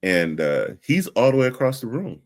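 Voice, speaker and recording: A man's voice: mid-range voice, big pitch swings, normal speed. A man co-hosting a podcast, asking questions and chatting casually with frequent restarts. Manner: conversational, asks questions, hesitant restarts. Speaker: podcast co-host. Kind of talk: casual chat.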